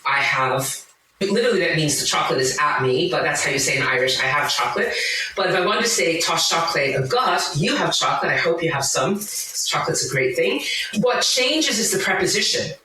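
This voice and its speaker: A woman's voice: deep voice, lively intonation, brisk, bright, forceful tone, heavy reverb, recorded from a distance, a little hiss or hum, rough recording. A woman guest talking enthusiastically, full of asides and tangents, in conversation. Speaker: podcast guest. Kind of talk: conversational explaining.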